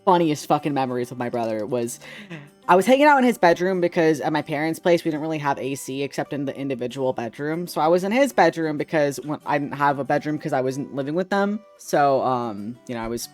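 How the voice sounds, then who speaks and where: A man in casual chat on a stream, telling an animated, swearing-filled anecdote. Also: fairly high pitch, fast talker, soft background music. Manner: animated storyteller, swears freely. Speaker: streamer guest.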